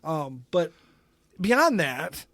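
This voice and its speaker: A man co-hosting a casual podcast in a sardonic, deadpan way. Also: on the high side, extremely slow, no echo. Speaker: podcast co-host. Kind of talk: casual chat.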